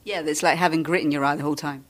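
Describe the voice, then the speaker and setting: A woman's voice: low-pitched, steady tone. A woman hosting a podcast interview in a chatty, enthusiastic way. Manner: chatty, enthusiastic, quick to laugh. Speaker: podcast host. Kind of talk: casual interview.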